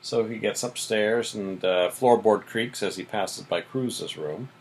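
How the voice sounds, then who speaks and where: A man's voice: lowish voice, unhurried, breathy edge, rough recording. A man co-hosting a podcast, casually recapping TV episodes and filling in with "mm-hmm". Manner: relaxed, plot-summarizing, frequent "mm-hmm" and "so". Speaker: podcast co-host.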